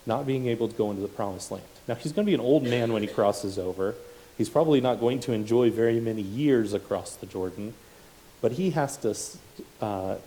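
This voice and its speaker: A male preacher giving a sermon, building to loud, emphatic rhetorical questions. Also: on the low side, slight background noise, poor audio.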